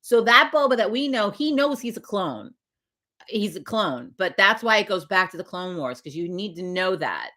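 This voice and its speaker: An older woman hosts a laid-back morning livestream, rambling and cursing as she chats with viewers and laughs a lot. Her medium-pitched voice is sing-song with a sharp tone, moving at a normal speed.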